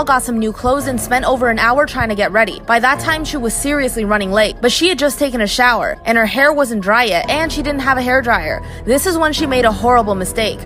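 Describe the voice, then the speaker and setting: A woman reading a scripted story aloud in an even storytelling manner. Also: on the high side. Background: music.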